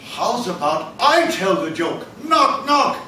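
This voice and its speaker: A man's voice: high-pitched, big pitch swings, takes it slowly, sharp tone, heavily acted. A man playing cheeky, randy Gaston. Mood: teasing. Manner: cheeky, teasing, keeps digressing. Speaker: stage actor. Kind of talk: live stage comedy. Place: small theater stage. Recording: echoey theater from far off, faint hiss.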